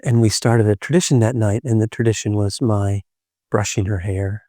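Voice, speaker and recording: A middle-aged man and podcast host telling a personal story in a gentle, unhurried way, with thoughtful pauses. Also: lowish voice, fairly even intonation, dry recording, clean studio sound.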